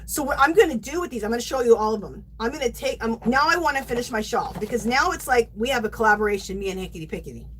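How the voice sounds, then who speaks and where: A woman's voice: fairly high pitch, lively intonation, fast, hardly any pauses, fairly bright tone, a little hiss or hum, poor audio. Gushing, chatty woman yarn host. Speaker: yarn craft livestream host. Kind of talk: casual livestream chat.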